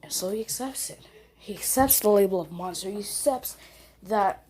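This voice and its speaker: Young woman, casual rambling storyteller, lots of fillers, mid-pitched. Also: moderate pace, darkish tone. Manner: rambling, self-correcting, many fillers. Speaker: fan fiction storyteller.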